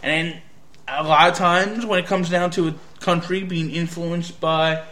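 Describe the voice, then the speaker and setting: A man from the United States talks through a review in a loose, hesitant way, often restarting his sentences. His voice sits a little high and sounds bright and forceful. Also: steady tone, unhurried. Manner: hesitant, rambling, frequent restarts. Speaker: anime reviewer. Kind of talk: casual spoken review.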